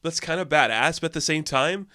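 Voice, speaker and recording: A man's voice: brisk, sharp tone, dry recording, clean studio sound. Casual, profane male movie reviewer. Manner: loose and profane, heavy "like" fillers, jumps up in pitch when incredulous.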